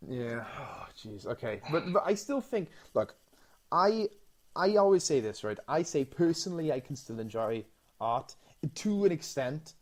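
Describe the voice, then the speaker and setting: Guy co-hosting a podcast, super animated, keeps restarting his sentences. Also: mid-range voice, a little slow. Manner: animated, excitable storyteller with many restarts. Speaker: podcast co-host. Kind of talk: casual chat.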